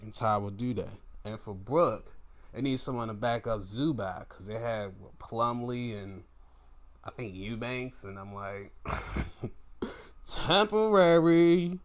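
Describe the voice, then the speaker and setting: Loose, cursing male sports talker. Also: mid-range voice. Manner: loose, profane, joking commentary. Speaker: sports podcast host. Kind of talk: casual sports talk, going down a list of free-agency moves.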